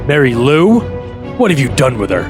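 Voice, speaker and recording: A man voicing a cocky male superhero doctor in a comedic script reading, with low, brash deadpan bravado. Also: normal speed, over music, lightly acted.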